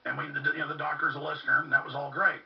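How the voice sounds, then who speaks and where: Fervent gravelly man ranting from afar. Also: a little high, level tone, very fast. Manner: fervent, ranting, with urgent repetition. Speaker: talk radio host. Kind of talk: impassioned monologue. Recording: muffled, distant, lo-fi recording.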